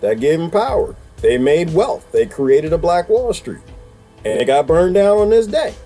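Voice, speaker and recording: Animated, emphatic man, dark voice. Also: a little high, normal speed, soft background music. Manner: animated, emphatic, rhetorical questions; colloquial, laughs while talking. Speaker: vlogger commenting on a clip. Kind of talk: casual reaction commentary.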